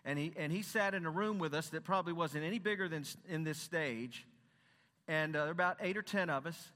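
Earnest preacher in a reverberant hall. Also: male voice, on the high side, brisk, bright, forceful tone. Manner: earnest and conversational, with rhetorical questions. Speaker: Christian counselor and former pastor. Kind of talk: conference sermon talk. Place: stage in a large hall.

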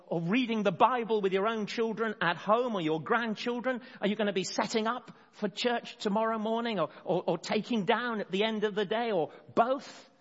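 A man preaching an expository sermon, earnest, slowing down to stress key words and often restarting phrases. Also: high voice, fairly bright tone. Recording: dull sound in a long-reverb hall.

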